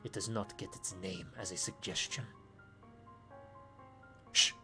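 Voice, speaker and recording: A man's voice: low-pitched, measured pace, sharp tone, faint music behind. A man narrating a tabletop game as dungeon master, with many fillers and restarts. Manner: filler-heavy, laughing narration.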